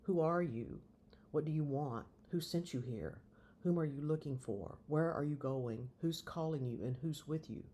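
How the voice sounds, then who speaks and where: A man reading aloud voices a frightened young man hiding in a forest cave, calling out in urgent, pleading shouts. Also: mid-range voice, fairly even intonation, normal speed, slight background noise, close to an everyday voice. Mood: frantic.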